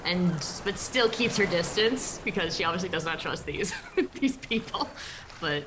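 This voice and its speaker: A woman's voice: lowish voice, lively intonation, moderate pace, noisy background. A woman playing a tabletop game, chatty and giggly. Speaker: player.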